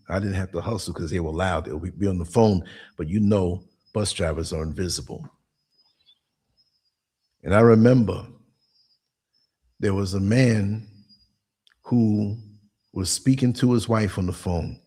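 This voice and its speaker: Blunt, husky man in his sixties. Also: fairly low pitch, a little mellow. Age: 60s. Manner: blunt, streetwise storytelling with acted-out quotes. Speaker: podcast host. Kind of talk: casual monologue commentary.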